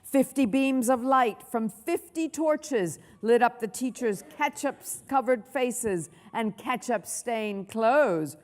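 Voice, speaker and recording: A woman reads a children's story aloud at a live event, slow and deliberate, her voice swooping up and down with animated expression. Her voice is fairly high, and it echoes through a large hall with long reverb. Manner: animated and expressive, with sound effects. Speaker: children's author. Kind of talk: lively storybook reading to children.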